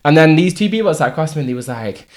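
A man's voice: on the high side, lively intonation, rapid-fire. A young man telling stories in a casual chat, laughing often and swearing.

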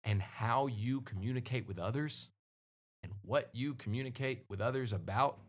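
A man hosting a casual Christian podcast, talking earnestly and hitting his points hard with loud peaks. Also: medium pitch, normal speed. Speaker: podcast host.

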